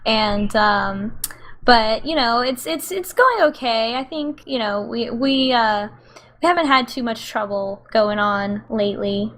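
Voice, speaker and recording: A woman's voice: fairly high pitch, a little slow, fairly bright tone. A woman voicing a chatty, fussy middle-aged mother who gushes and hesitates, with lots of "you know". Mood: gushing.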